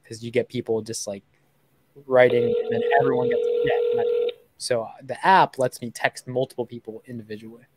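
A man's voice: medium pitch, brisk. A man in his twenties hosting a livestream while calling sellers, talking in a loose, joking, chatty way with viewers. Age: 20s. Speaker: host making seller calls on a livestream. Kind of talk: casual livestream chat. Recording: steady background noise.

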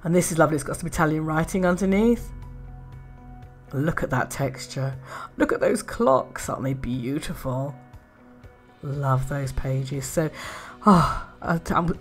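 A woman chatting casually in a craft haul video, gushing with soft admiring murmurs and little laughs. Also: extremely low pitch, normal speed, soft background music. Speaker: art and craft vlogger.

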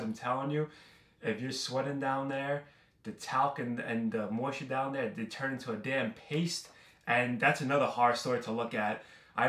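A man's voice: mid-range voice, a bit bright. A young man from New York City casually reviewing a product, brash and joking as he talks straight to his viewers. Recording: roomy echo.

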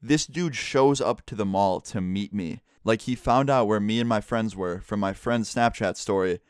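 Young male vlogger, casual storyteller, smooth clear voice, dry close sound, lowish pitch. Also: normal speed, dry recording. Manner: relaxed, chatty, lots of "like".

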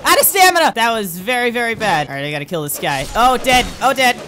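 A young woman doing let's play commentary, excitable and goofy, often yelping and laughing. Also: on the high side, fast talker, noisy background. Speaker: gameplay commentator.

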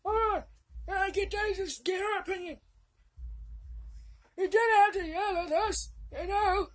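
A woman playing a bossy, toothless old grandfather who scolds loudly. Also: very high-pitched, normal speed. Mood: scolding. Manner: scolding, shouty.

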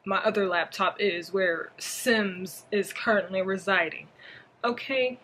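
A woman's voice: medium pitch, unhurried, fairly bright tone, slight background noise. A woman chatting casually in a knitting vlog, rambling with lots of fillers and talking with a slight lisp from a swollen palate. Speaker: knitting vlogger. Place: at home at a desk with a laptop.

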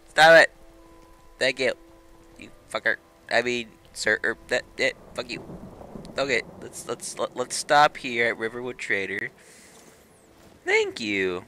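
A man doing let's play commentary, excitable, swearing and laughing at the game. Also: mid-range voice, slight background noise. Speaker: gaming channel host.

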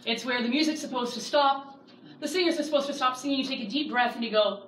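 A woman in her thirties teaching a Bible study class, lively and acting out the voices she quotes. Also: sits high, quick pace. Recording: echoey room, distant mic, faint hiss.

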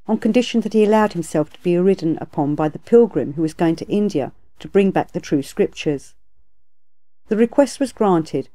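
Mellow-voiced woman reading a classic tale. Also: lowish voice. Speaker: audiobook reader. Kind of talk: scripted storybook narration.

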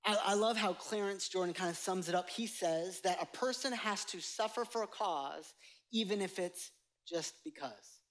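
A man's voice: high-pitched, normal speed, a bit bright. A male pastor preaching a sermon to a live congregation, conversational and emphatic, joking with the room. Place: church sanctuary with live congregation.

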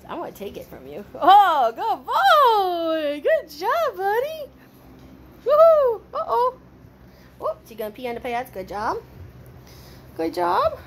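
A woman with a high voice that swoops wildly up and down, talking slowly in playful baby talk to her puppies. She cheers and praises them as she films. The room behind her is noisy with puppies scuffling around. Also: huge pitch swings. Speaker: dog breeder filming her puppies. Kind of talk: casual talk to puppies while filming.

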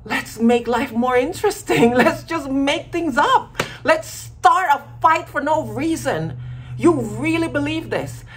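A woman's voice: high-pitched, lively intonation, takes it slowly, slight background noise. A woman giving a casual commentary monologue as a vlogger, emphatic and acting out quoted voices.

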